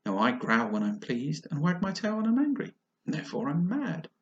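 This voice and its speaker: A man voicing a sly, grinning talking cat in a storybook reading, often slow and whispered. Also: fairly high pitch, wildly swooping pitch, highs cut off, voice pushed up.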